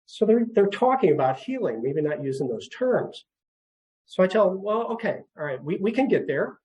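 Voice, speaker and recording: A middle-aged man counseling on grief in a seminar talk, gentle and repetitive, with frequent light chuckles. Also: on the high side, animated, brisk, highs cut off. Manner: gentle, repeats words, chuckles often.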